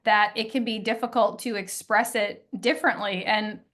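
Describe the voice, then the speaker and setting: A woman's voice: medium pitch, fairly even intonation, moderate pace, fairly bright tone. A woman, a dental hygienist co-hosting a webinar, explaining patient communication in a casual, instructive way.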